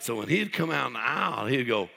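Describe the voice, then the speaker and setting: Middle-aged preacher guy, super gravelly, folksy sermon stories that swing up and down a lot. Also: medium pitch, sing-song, fast, heavy background noise. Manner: folksy storytelling, builds to shouted preaching. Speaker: pastor.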